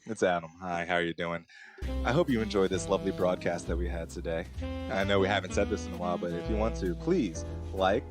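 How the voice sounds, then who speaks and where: A man putting on a deep, velvety late-night radio voice for a mock sign-off. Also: steady tone, fast talker, over music, natural voice. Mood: mock-seductive. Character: man putting on a low smooth crooning radio voice.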